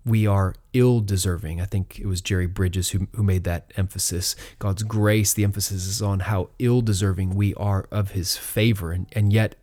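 A man's voice: fairly low pitch, a little mellow. A man giving an earnest teaching talk on doctrine, explaining ideas step by step with frequent fillers and restarts, and reading verses aloud.

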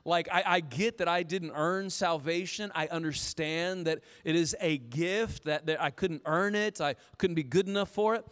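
A man in his thirties preaching a sermon as pastor, telling stories in an animated way and quoting himself. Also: a little high, moderate pace, few pauses, clean tone. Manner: animated, storytelling with self-quotes. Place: church auditorium. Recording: long reverb of a large hall.

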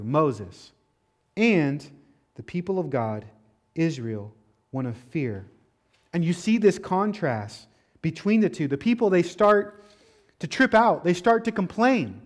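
A man's voice: a little high, expressive, a little slow. A man preaching a sermon, asking rhetorical questions, reading scripture and dropping casual asides. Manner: preaching with rhetorical questions, rising to loud emphatic peaks. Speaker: pastor.

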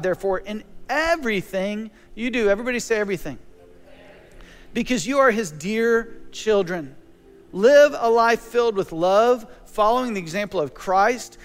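A man preaching a sermon with passion, moving between teaching and prayer. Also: high-pitched. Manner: impassioned preaching, shifting into prayer. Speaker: pastor. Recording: long reverb with faint music.

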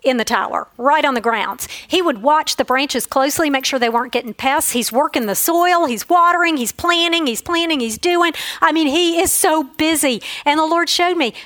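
Woman Bible teacher, high voice, earnest storytelling, dry sound. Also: moderate pace, a bit bright, no echo, low-quality recording. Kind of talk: devotional teaching talk.

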